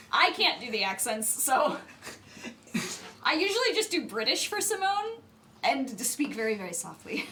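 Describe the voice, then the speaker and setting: A woman's voice: sits high, very animated, measured pace, pauses often, pushed and bright, recorded from a distance, a little hiss or hum. A woman player chatting animatedly and laughing during a tabletop game. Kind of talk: casual tabletop game chat.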